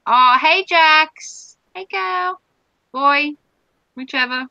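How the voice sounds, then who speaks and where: A woman's voice: on the high side, expressive, unhurried, sharp tone, dry recording, highs cut off. A woman hosting a casual live stream, chatting with viewers and reading their comments in a rambling way with many ums.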